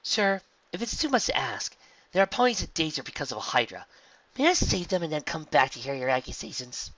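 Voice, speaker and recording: A man's voice: a little high, big pitch swings, brisk, bright, forceful tone, no room sound, distant mic, dull audio, voice pushed up, heavily acted. A man reading a fan story voices a brave, polite young female pegasus hero, raised well above his own voice. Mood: pleading. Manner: earnest, polite, urgent.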